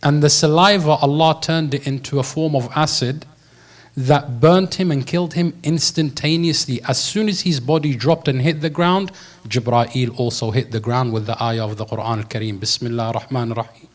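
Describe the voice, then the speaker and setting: A man giving a sermon, telling a story and talking in a relaxed, slangy way. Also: on the high side, normal speed. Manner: lively storyteller, slips into slangy voices for quoted characters. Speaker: preacher.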